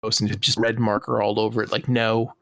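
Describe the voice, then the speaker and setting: A man's voice: lowish voice, level tone, quick pace, creaky, background noise. A man co-hosting a comedy podcast, chatting casually in an easygoing, rambling way with chuckles. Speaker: podcast co-host.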